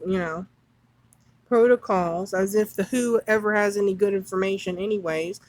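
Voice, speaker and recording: A woman's voice: on the high side, dry recording, rough recording. A woman hosting a commentary video, reading text aloud and reacting with indignant, sarcastic remarks and scornful laughs. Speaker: commentary channel host.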